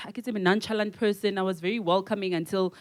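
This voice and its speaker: A woman's voice: mid-range voice, steady tone, fast talker. South African woman, young, chatty storyteller who acts out the voices, podcast co-host. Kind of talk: casual chat.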